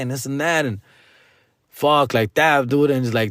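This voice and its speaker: A man's voice: medium pitch, moderate pace, dry recording, clean studio sound. A comedian and podcast host ranting in a casual, frustrated way, full of slang and swearing, dropping Spanish phrases into his English. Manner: frustrated, venting.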